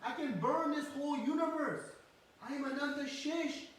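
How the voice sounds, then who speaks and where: A man's voice: very high-pitched, flat delivery, moderate pace, a bit bright, slight background noise, pitched above the performer's own voice. A man voicing a fiery, boastful boy who rants and scolds his little brother, in an echoey room from far off. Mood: furious. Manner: furious, boastful ranting.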